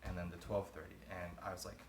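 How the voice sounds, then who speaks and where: A man's voice: low voice, flat delivery, quick pace, noisy background. A young man, a groom-to-be, answering interview questions in a casual, rambling way, trailing off and laughing between thoughts. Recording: roomy echo.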